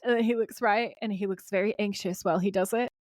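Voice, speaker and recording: Animated woman podcast co-host, dry sound. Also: mid-range voice, quick pace, no room sound. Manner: animated, swears freely, acts out quoted lines. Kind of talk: casual chat recapping a TV episode.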